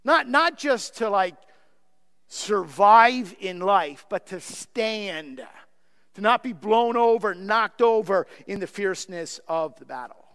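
Earnest high-voiced male pastor preaching. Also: animated, slow pace, a bit bright, clean tone, in a large hall. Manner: earnest, pleading, repeats words. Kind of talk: sermon.

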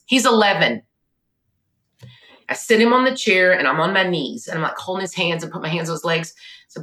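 Woman, forties, podcast guest, bright tone, emotional storytelling, roomy sound. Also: fairly low pitch, brisk. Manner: animated, tearful retelling, quotes others in her own voice. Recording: echoey room.

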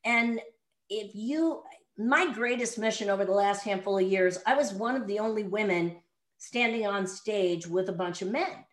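A woman's voice: medium pitch, normal speed. A middle-aged woman, a sales coach and podcast guest, speaking bluntly and directly in an interview. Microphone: remote audio call. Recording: echoey room sound.

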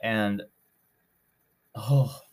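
A man with a somewhat low voice tells a story on his podcast. He rambles, circles back and restarts often, and keeps it loose and conversational. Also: steady tone, drawn-out words. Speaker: podcast host. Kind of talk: casual storytelling.

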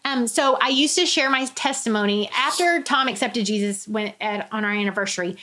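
A middle-aged woman telling her personal story in conversation. She speaks candidly and earnestly, and she quotes other people in lively voices. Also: a little high, fairly quick. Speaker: guest sharing her testimony.

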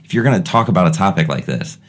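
Deep-voiced man, thoughtful chat. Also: sing-song, racing. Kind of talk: casual chat.

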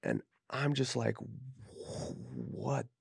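A low, gravelly male voice from Utah, talking as a podcast guest. He is frank and profane, and he acts out the lines he and others said. The sound is close and dry, with no room in it. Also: fairly even intonation, moderate pace, darkish tone, no echo. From Utah, USA. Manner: candid, profane, acts out quoted speech. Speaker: podcast guest, tattoo artist. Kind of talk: casual storytelling interview.

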